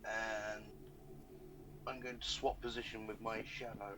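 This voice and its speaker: Guy playing a tabletop game, says his moves straight out, clear hiss under it. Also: lowish voice, flat delivery, unhurried. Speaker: player. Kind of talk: casual tabletop game play.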